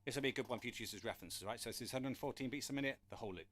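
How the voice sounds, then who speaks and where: A man's voice: medium pitch, rapid-fire, a bit bright. A man teaching a live-streamed drum lesson, chatty and encouraging, urging viewers to ask questions. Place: room with a drum kit. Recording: drums and counting heard behind.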